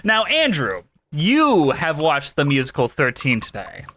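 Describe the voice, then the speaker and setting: A man's voice: a little high, wildly swooping pitch, fairly bright tone, slight background noise. A man hosting a casual podcast chat, joking and leading the talk. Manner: joking, quick-witted, leads the talk. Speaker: podcast host.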